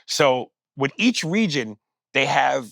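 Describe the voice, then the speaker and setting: A man with a New York accent, a comedian and podcast guest, telling stories in lively, profane conversation. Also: medium pitch, slow, creaky, no room sound, clean studio sound. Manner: animated comic storytelling, profane. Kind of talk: casual conversation.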